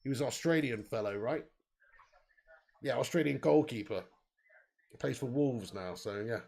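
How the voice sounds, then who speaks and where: A man's voice: medium pitch, expressive, moderate pace, gravelly, pauses often, darkish tone. A young man hosting a live football watch-along. He chats and laughs between play calls and reads out viewer comments. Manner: chatty, laughs often, reads out chat comments. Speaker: host.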